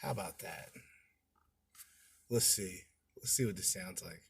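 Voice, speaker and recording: A man's voice: low voice, a little slow, gravelly, a little hiss or hum. A man hosting a podcast in a casual, brash commentary style, swearing and bantering with his listeners. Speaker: podcast host.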